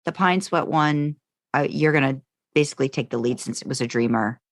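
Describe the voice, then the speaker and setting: An American woman co-hosting a podcast, chatting casually with lots of halting restarts and fillers. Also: a bass voice, no room sound, clean studio sound. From United States. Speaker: podcast co-host. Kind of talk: casual chat between podcast co-hosts.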